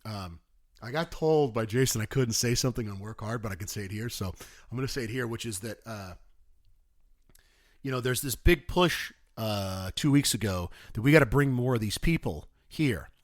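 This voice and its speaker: A podcast host in his thirties rants sarcastically through a casual monologue, swinging from low mutters to shouts. He's on a close studio mic, speaking at normal speed in a dry recording.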